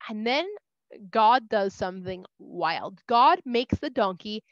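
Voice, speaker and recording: A woman's voice: medium pitch, expressive, slow, no echo. A woman casually retelling a scripture story for kids, chatty and full of "like", in a dull, dry recording. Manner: chatty, uses "like" a lot.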